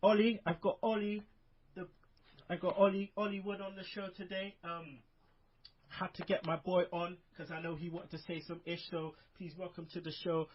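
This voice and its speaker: A man's voice: sits high, flat delivery, moderate pace, slight background noise. A man hosting a casual wrestling podcast, rambling with lots of fillers in an upbeat way, over a muffled online call. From United Kingdom. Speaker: podcast host.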